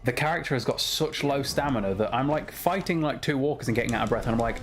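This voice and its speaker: A man's voice: mid-range voice, fast talker, few pauses. Chatty sweary male streamer. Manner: swears a lot, chatty and frustrated at games. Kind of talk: casual gaming stream chat.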